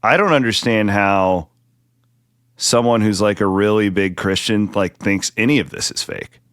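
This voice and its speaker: A low-pitched man with a Midwestern American accent hosts a casual podcast chat. He jokes and rambles, often cutting himself off mid-sentence. His voice sounds dry and close, with no room echo. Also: normal speed, a bit bright, clean tone. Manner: chatty, jokey, self-interrupting. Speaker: podcast host.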